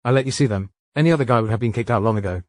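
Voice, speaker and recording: A man voicing a playful, devoted teenage schoolgirl in a quick, even storybook reading. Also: medium pitch, no room sound, clean studio sound, natural voice. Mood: annoyed.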